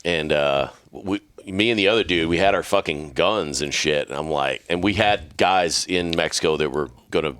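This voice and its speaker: A very deep-voiced man spins loose, cursing-filled stories as a podcast co-host. His voice sits close and dry on the mic, with no room sound around it. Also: normal speed, hardly any pauses, a bit bright, dry recording. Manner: profane, rambling anecdotes. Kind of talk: casual storytelling chat.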